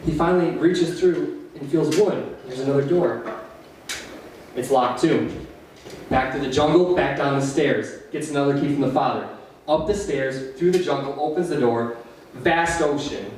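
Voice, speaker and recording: A man with an Upper Midwest American accent tells rambling stand-up jokes, laughing nervously at himself. His slightly high voice sounds far from the mic in a very echoey cafe room. A faint hiss sits under the recording. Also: moderate pace, a little mellow. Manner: rambling, self-deprecating joke telling with nervous laughs. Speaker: open mic comedian. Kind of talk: stand-up comedy. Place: small cafe stage.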